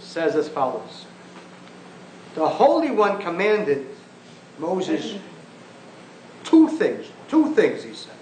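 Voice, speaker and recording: Brief: high-pitched, impassioned male lecturer, wide swings in pitch, sarcastic edge. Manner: emphatic, repeats phrases for force; sarcastic asides. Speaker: lecturer on Jewish thought. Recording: echoey room with faint background noise.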